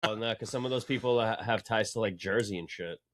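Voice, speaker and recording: A man with a lowish voice and a Boston accent rambles in casual podcast talk. He fills his thoughts with "like" and "uh," swearing easily. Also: fairly quick, fairly bright tone. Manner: laid-back, rambling with fillers. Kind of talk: casual profane chat.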